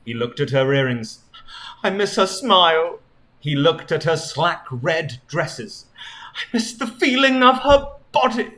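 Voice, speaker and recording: A man's voice: on the high side, sing-song, a little slow, bright, forceful tone, full character voice. A man voicing a mopey lonely hedgehog hero.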